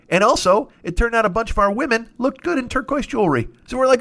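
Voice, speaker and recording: Profane, lively man riffing comedy. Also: very high voice, fast talker, few pauses. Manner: profane, riffing, slips into silly character voices. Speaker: comedy podcast host. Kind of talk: improvised comedic rant.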